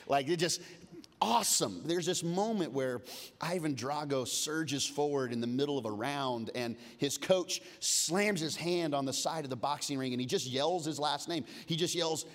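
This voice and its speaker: A fairly high-voiced man in his forties preaches from a church stage, his words ringing through the long reverb of a big auditorium. He tells stories with humor and animation, dropping to a low, intimate hush for his serious points. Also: a little slow. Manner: lively storytelling, humorous asides; swings from loud and animated to low and hushed. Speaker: pastor. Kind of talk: sermon. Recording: long reverb of a large hall.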